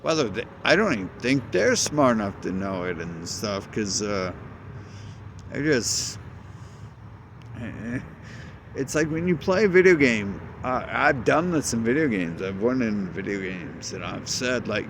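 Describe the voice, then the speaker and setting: A man's voice: fairly low pitch, very animated, measured pace, background noise. A man in a rambling, agitated monologue, cursing often and jumping between ideas.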